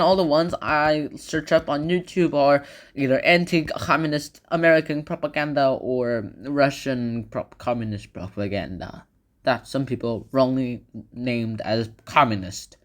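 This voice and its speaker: A man's voice: a little high, normal speed. A man talks through a history lesson in a casual, loose way, tossing in sarcastic asides between points. His phrasing rambles and circles back, with fillers and restarts. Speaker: video lecturer. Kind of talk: casual educational commentary.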